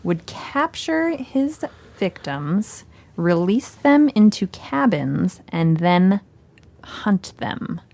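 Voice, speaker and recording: A woman co-hosting a casual comedy podcast, reading out true crime trivia for a guessing game in a quick, offhand way. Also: lowish voice, very animated, gravelly, darkish tone. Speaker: podcast co-host.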